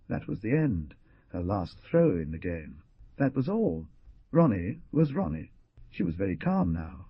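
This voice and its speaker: Brief: male audiobook narrator, low and husky, dramatic, dry, muffled lo-fi recording. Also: unhurried, no echo. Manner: expressive, dramatic.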